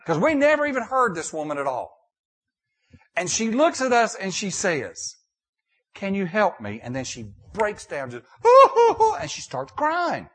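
A man's voice: high-pitched, huge pitch swings, normal speed, a bit bright, husky. An older man, a pastor, preaching a sermon in a folksy storytelling way, often repeating and restarting his phrases.

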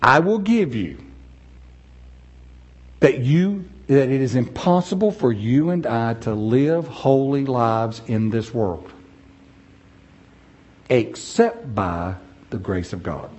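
A man preaching a sermon in a church, animated and acting out the voices of the people he quotes. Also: mid-range voice, slow, pauses often, husky, dull audio.

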